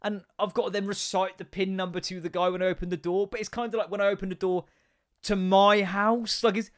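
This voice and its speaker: A man's voice: high-pitched, a little fast. Sweary man telling stories. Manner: sweary, animated storytelling with sudden loud outbursts. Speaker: podcast host. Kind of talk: casual comedic monologue.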